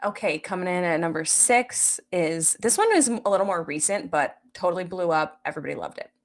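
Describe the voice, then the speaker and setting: A woman's voice: lowish voice, lively intonation. A young woman co-hosting a podcast in casual chat, teasing her partner playfully. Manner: playful teasing, quick interjections. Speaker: podcast co-host.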